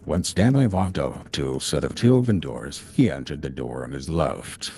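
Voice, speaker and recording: A man using an AI voice changer to play a slow, solemn male narrator in joking voice chat. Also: a bass voice, lively intonation, gravelly, warm tone, breathy edge, pitched below the performer's own voice, exaggerated voice.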